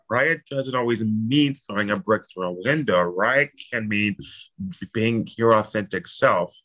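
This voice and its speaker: Blunt, bright-voiced man chatting. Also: mid-range voice, low-quality recording. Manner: animated, jokey and blunt, swears freely. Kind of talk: casual spiritual chat.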